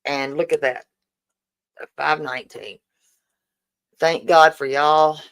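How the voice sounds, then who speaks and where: Gravelly slow-talking woman in her forties. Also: low-pitched, fairly even intonation, rough recording. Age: 40s. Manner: warm, emotional, repeatedly thanking viewers. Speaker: livestream host. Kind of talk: casual livestream fundraiser chat.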